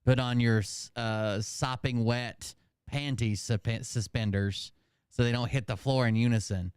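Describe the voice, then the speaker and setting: A man's voice: medium pitch, fairly even intonation, measured pace, clear, resonant tone, no echo, studio quality. Crude, sarcastic man. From American South. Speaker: commentary host. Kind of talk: crude reaction commentary.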